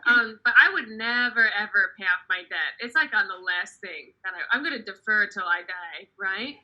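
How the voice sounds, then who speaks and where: A woman's voice: medium pitch, expressive, normal speed, dull audio. A young woman performing a stand-up comedy set over a video call, chatty and self-deprecating, often laughing at her own jokes.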